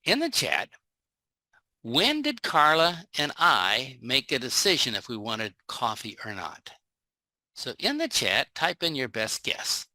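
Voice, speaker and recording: A male sales trainer speaks to a live online audience in a bright, forceful voice. He keeps it folksy and joking, acting out short scenes as he goes. The sound is dry and close, with no room echo. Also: mid-range voice, huge pitch swings, slow pace.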